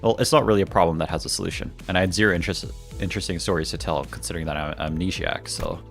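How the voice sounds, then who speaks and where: A man's voice: low-pitched, animated, very fast, creaky, a bit bright, soft background music. A young man streaming a game, reading its dialogue aloud in playful voices and joking with his chat.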